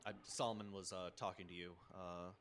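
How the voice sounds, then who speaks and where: A man's voice: low-pitched, fairly even intonation, fairly quick, a bit bright, a little hiss or hum. A man running an online tabletop game as game master, talking with many fillers and restarts.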